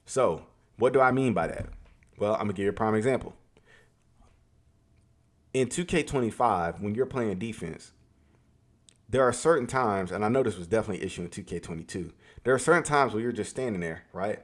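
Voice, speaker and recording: Man, gaming rant, emphatic and repetitive, swears freely, lowish voice. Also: animated, fairly quick, long pauses. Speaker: gaming commentator.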